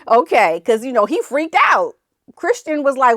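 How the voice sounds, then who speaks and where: A woman hosting a casual commentary show, animated, often laughing and acting out the people she quotes. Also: high voice, measured pace, dry recording, studio quality. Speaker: commentary channel host.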